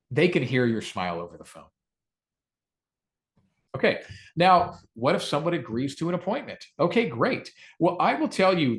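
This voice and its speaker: Male sales trainer, animated delivery, demos soft low-key rebuttals. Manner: lively, acts out calm low rebuttals.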